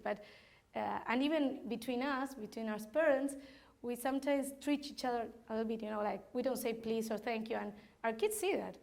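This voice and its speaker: A woman's voice: fairly high pitch, gravelly, a little mellow. A woman from Argentina, speaking candidly to parents in a workshop, laughing often and restarting her sentences. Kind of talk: informal talk to parents.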